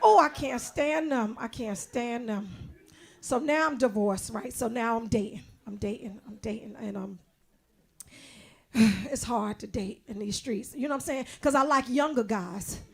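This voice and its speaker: A woman in her forties doing a brash, conversational stand-up comedy set, often shouting the punchlines. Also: fairly high pitch, measured pace, breathy edge.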